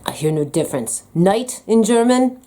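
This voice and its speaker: A woman's voice: medium pitch, animated, moderate pace, mellow. An American woman talking in a comedic vlog monologue, playful, teasing and dramatic. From United States. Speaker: vlogger.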